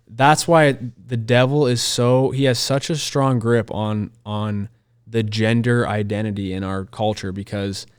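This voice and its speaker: Man, co-host, Christian podcast chat, resonant voice, mid pitch, earnest and emphatic. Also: a little mellow, smooth. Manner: earnest, emphatic, repeats key phrases. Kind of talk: conversational Christian podcast discussion.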